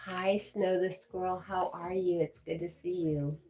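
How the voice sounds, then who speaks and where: Low-voiced woman chatting on a livestream. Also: fairly even intonation, unhurried. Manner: warm, affectionate, reads chat aloud and answers viewers. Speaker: livestream host reading viewer comments. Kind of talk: casual live-chat talk.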